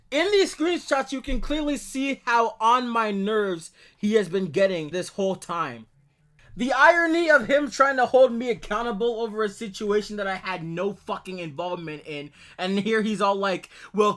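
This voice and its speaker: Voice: mid-range voice, pushed and bright. A video creator delivering a furious, profane call-out monologue over screenshots, ranting at an ex-partner.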